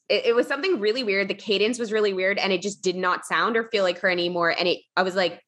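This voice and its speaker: A woman telling a story as a podcast guest, chatty, with lots of fillers, acting out quotes in a higher voice. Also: fast, few pauses, fairly bright tone. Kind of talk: casual storytelling in an interview.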